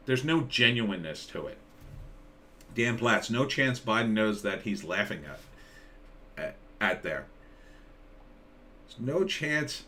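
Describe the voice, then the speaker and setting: A man's voice: on the low side, sharp tone. A man hosting a live stream, giving casual, sarcastic commentary and reading out viewer comments. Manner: sarcastic, rambling, reads out chat comments.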